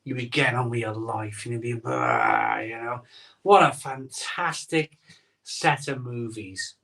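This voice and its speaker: A man's voice: mid-range voice, a little slow, bright, forceful tone, distant mic. A middle-aged man hosting a casual live stream, rambling and sentimental, reading chat comments aloud. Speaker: host of a live beer-drinking stream.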